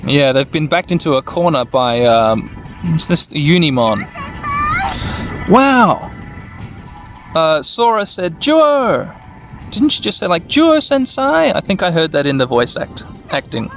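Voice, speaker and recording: A man's voice: on the high side, animated, a little slow, fairly bright tone, soft background music. A man narrating a video game playthrough, reading the dialogue aloud and adding rambling asides. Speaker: let's-play narrator.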